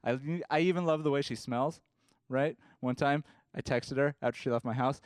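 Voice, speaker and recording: A man's voice: medium pitch, fairly quick, dry recording. A man performing a rambling, self-deprecating stand-up comedy set on a club stage.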